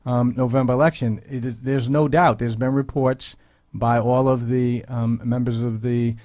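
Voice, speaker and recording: A man hosting a radio talk show, speaking in a measured, earnest way with frequent pauses and "um"s. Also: medium pitch, flat delivery, mellow, no echo, clean studio sound. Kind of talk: radio commentary. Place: radio studio.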